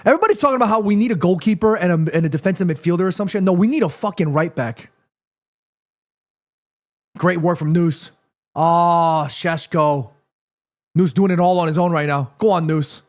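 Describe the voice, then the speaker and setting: A young man hosting a live football watchalong, reacting excitedly to the match, pleading with the referee and swearing freely. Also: sits high, moderate pace, pauses often.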